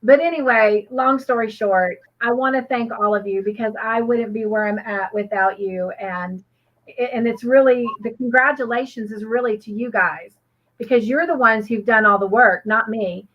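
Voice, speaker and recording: Woman, livestream co-host, rambling and earnest, slightly high voice, dull lo-fi audio. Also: moderate pace. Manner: rambling, many fillers and restarts; earnest and grateful. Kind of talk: casual livestream chat.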